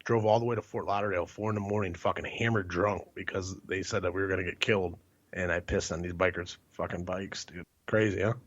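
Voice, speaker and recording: A man's voice: low voice, steady tone, fast, highs cut off. A man from Ohio co-hosting a podcast, telling rambling, profane stories and laughing through them. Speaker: podcast co-host. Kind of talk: crude casual storytelling.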